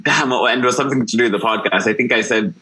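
A man co-hosting a podcast, chatting casually and telling embarrassing stories with lively acted-out quotes. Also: mid-range voice, very fast, slightly rough. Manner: animated storyteller, acts out quotes. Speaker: podcast co-host. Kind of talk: casual chat.

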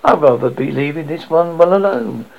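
A man reading aloud and voicing the Doctor, an eccentric time traveller who is politely insistent and brisk. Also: a little high, expressive, gravelly. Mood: uneasy. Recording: dull lo-fi audio.

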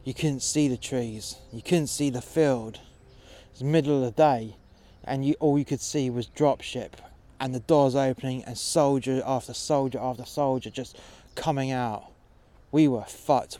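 A man narrating a first-person action story in a low-key, dramatic way with a lot of swearing. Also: warm tone.

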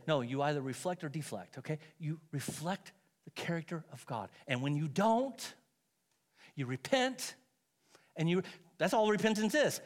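A man's voice: fairly high pitch, expressive, normal speed. A middle-aged man preaching a sermon as pastor, telling stories with self-mocking humor and frequent laughs.

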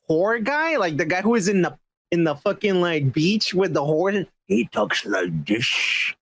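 A man co-hosts a podcast in loose, profane banter. His pitch swings a lot as he talks, and his manner stays relaxed and easygoing. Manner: laid-back, swearing, lively. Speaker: podcast co-host. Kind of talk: casual crude banter.

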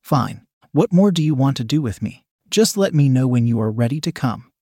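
A man's voice: medium pitch, animated, normal speed, warm tone, breathy edge, no echo, clean studio sound. A man reading the lines of an eager young woman hotel employee in his own plain voice. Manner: read plainly in the narrator's own voice.

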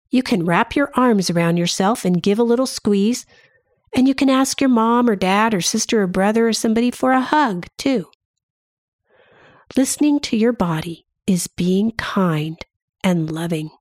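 A woman leading a gentle mindfulness lesson for children, asking soothing questions in a sing-song way. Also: mid-range voice, animated, a little slow, no room sound, clean studio sound. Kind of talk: guided mindfulness lesson for kids.

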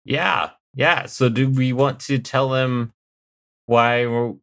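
A man's voice: mid-range voice, fairly even intonation, slow, vocal fry, a bit bright. A man hosting a podcast in casual chat, easygoing and rambling a little as he explains things. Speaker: podcast host.

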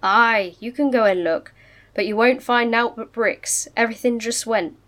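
A woman's voice: a little high, moderate pace, a bit bright, close to an everyday voice. A woman putting on a northern English accent for a reassuring, plain-spoken wartime father.

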